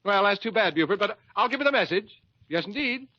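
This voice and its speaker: A man's voice: sits high, expressive. An actor playing a nervous, scheming young ladies' man in an old radio comedy, stammering and cracking wise. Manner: nervous stammering, quick wisecracks. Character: flustered, scheming young man who is a self-styled ladies' man. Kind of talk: 1940s radio acting. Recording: dull old radio broadcast.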